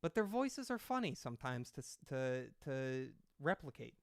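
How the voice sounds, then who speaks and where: A man's voice: medium pitch, very animated, normal speed, no room sound, clean studio sound. A man doing casual reaction commentary, rambling and sarcastic with lots of swearing.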